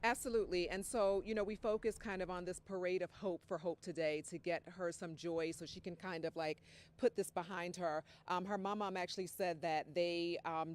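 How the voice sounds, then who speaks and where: A woman field reporter giving a live TV news report from outdoors on location, chatty and casual. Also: fairly low pitch. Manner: chatty, casual, warm-hearted.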